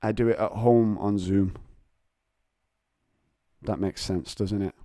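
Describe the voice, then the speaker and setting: A man's voice: fairly low pitch, fairly even intonation, slow pace, mellow, dry recording, studio quality. An English man hosting a casual solo podcast from home, rambling and digressive with self-mocking humour. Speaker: podcast host. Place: home, on a couch.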